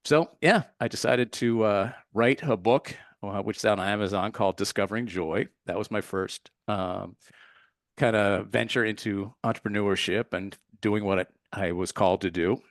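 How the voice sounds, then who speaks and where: A man's voice: on the low side, moderate pace, no echo, studio quality. A man, a meditation teacher, answering as a podcast guest in an earnest, heartfelt way, with fillers and restarts. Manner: earnest, heartfelt, with filler words and self-corrections. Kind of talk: casual storytelling in an interview.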